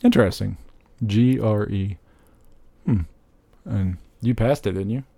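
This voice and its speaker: A low, gravelly man's voice with a dark, mellow tone, joking and laughing as he co-hosts a relaxed podcast chat. The sound is dry and close, with no room echo. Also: a little slow. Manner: animated, joking, laughs often. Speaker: podcast co-host. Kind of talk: casual chat.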